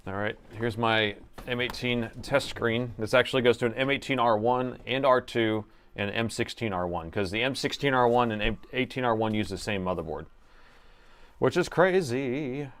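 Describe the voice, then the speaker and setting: A man's voice: fairly low pitch, a little fast, a bit bright, clean tone. A middle-aged man live-streaming a laptop repair, chatting loosely and joking with viewers as he works. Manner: jokey, reads chat aloud, chatty asides. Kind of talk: casual live-stream chat while working.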